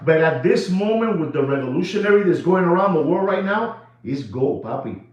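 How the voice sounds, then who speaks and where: Animated man speaking in an echoey room. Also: fairly high pitch, fairly quick. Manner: animated, repetitive, shouts and laughs, mixes in Spanish. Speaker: watch dealer hosting a video. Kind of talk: excited off-the-cuff monologue. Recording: echoey room, dull sound.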